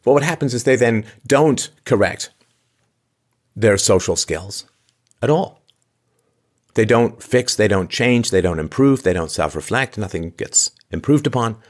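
A man's voice: lowish voice, expressive, a little slow. A man hosting a commentary show, delivering a sarcastic monologue full of incredulous rhetorical questions and frequent sighs. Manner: sighs often. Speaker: podcast host.

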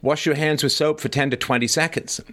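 A man's voice: a little high, steady tone, a little fast, fairly bright tone. A middle-aged man hosting a live stream, reading out advice and breaking off into chatty joking asides. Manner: chatty, joking asides between read-out points. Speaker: podcast host.

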